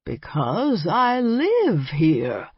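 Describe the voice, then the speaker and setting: Lady doing a wheezy old vampire guy in an audiobook, pitiful and pleading, kinda husky, dry dull recording. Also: fairly low pitch, sing-song, slow, no echo, exaggerated voice. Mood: earnest. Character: wheezy elderly male vampire, timid and pitiful. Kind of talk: audiobook character voice.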